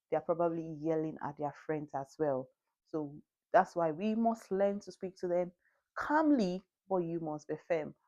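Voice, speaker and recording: A woman in her thirties with a Nigerian accent, talking calmly through parenting tips, laughing often and asking the listener questions. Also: sits low. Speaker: parenting video host. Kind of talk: casual advice talk to camera. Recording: dull lo-fi recording.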